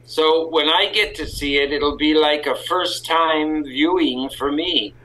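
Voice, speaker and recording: Canadian male guest actor, slow-paced, very bright voice, rambling candid delivery. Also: on the high side, low-quality recording. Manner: rambling, self-correcting, candid. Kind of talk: casual podcast interview.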